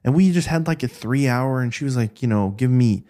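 A man with a medium-pitched, slightly fast voice guests on a podcast, casually telling stories about an old job. He's animated and acts out the people he quotes.

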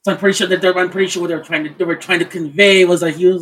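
A man chatting on a podcast in a high, sharp and bright voice. He stumbles over his words, repeating and stacking fillers before landing a point. It has the loose, casual feel of friends talking. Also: fairly even intonation, rapid-fire, few pauses, poor audio. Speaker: podcast co-host.

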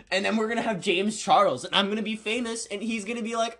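A man's voice: high voice, steady tone, fast talker, few pauses, fairly bright tone. A man hosting a casual podcast, rambling and joking around with plenty of goofy asides. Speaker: podcast host.

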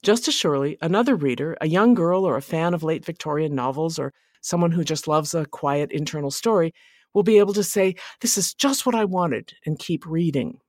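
A woman hosting a writing podcast, giving scripted narration in an earnest, measured delivery. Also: sits low, a little mellow, no echo, studio quality.

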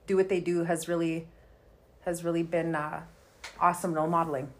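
A Canadian woman appears as a guest, telling personal stories candidly and chattily, peppered with likes and ums, in a casual storytelling conversation. Her voice is lowish with a level tone and a brisk pace.

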